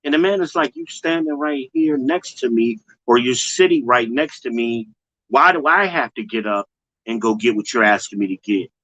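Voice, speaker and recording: Male host, blunt and slangy, bright edge, dry close sound. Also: moderate pace, dry recording, highs cut off. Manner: blunt, slangy, talks straight to viewers; mocks others with high put-on voices. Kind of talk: casual commentary livestream.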